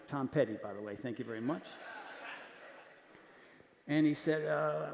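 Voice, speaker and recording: A man speaking in a voice on the higher side, animated and jokey, acting out the people in his stories. It rings through a large conference hall with a long, roomy echo. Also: moderate pace, long pauses, a little hiss or hum. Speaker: keynote speaker. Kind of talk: storytelling talk to an audience. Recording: echoey hall with long reverb.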